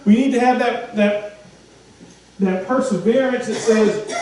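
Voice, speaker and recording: A male pastor with a fairly high, warm voice preaches a little slowly, leaving long pauses. He's emphatic, repeating phrases and asking the congregation rhetorical questions. Recorded from far off in a very echoey church sanctuary, he sounds distant from the mic, with a faint hum of room noise.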